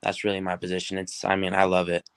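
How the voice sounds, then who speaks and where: A teenage football recruit from New Mexico, answering interview questions in an upbeat, rambling way with many fillers. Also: male voice, low-pitched, completely flat delivery, fast, vocal fry, fairly bright tone, clear, resonant tone, dry recording. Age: teens.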